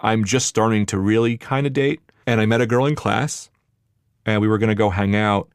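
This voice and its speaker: A man's voice: lowish voice, normal speed, smooth, dry recording. A young man from New Jersey telling a candid personal story, rambling with fillers and acting out what people said. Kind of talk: personal story told to a podcast.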